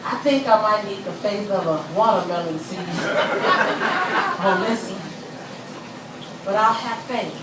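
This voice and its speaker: A middle-aged woman giving a live motivational speech, telling a story with animated energy and leading the audience in call-and-response chants. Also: slow, pauses often, a loud crowd. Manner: acts out quoted voices with sudden loud pitch jumps. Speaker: motivational speaker. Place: large hall with a live audience. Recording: echoey hall, distant mic, audience noise.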